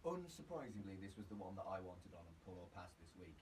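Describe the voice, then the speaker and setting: A man's voice: low voice, sing-song, quick pace, a little mellow. A man co-hosting a radio show about comics, chatting casually and often stammering and repeating words. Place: radio studio. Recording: mic a little far off, faint noise.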